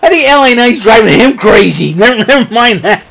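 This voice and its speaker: This man's voice is extremely high, gravelly, and fairly bright, and he speaks in an animated, brisk way. As host of a wrestling show recap, he goes over events solo, rambling with fillers and laughing at his own jokes.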